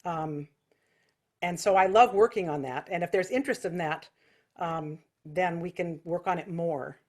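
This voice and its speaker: A woman's voice: on the low side, measured pace, darkish tone. A woman teaching a singing class over a video call, explaining technique casually and thinking aloud with fillers and restarts. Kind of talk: online singing lesson.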